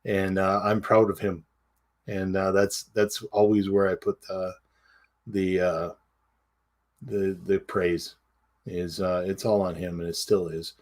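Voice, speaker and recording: A man co-hosting a podcast, talking in a halting, casual way with many fillers and restarts. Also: low voice, level tone. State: tearful. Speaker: podcast co-host. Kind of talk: casual chat.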